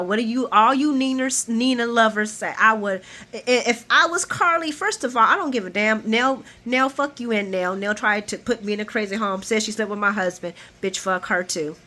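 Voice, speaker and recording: Bright-voiced woman doing a lively recap. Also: mid-range voice, a little fast. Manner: animated, profane, laughs often; acts out characters' lines while retelling. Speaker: soap opera recap host. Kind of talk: casual recap vlog.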